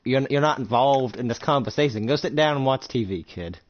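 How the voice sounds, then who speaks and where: A man voicing a dismissive gruff adult man who speaks low and curt. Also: lively intonation, fairly quick, soft background music, natural voice. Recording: dull lo-fi recording.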